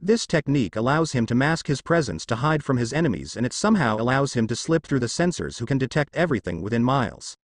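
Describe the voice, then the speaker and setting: A man's voice: medium pitch, big pitch swings, quick pace, hardly any pauses, no room sound, studio quality. A man narrating fan fiction aloud in a plain reading manner.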